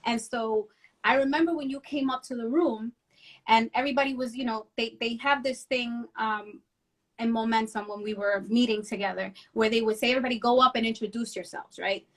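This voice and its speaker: A middle-aged woman from New Jersey, a guest telling animated stories in a casual interview and mixing in Spanish phrases. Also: fairly high pitch, normal speed. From Union City, New Jersey.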